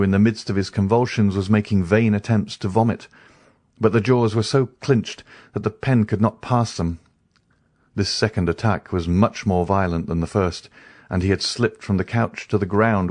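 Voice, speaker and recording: Man, audiobook narrator, very low voice, measured reading. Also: a little mellow, no echo, studio quality. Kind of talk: scripted narration.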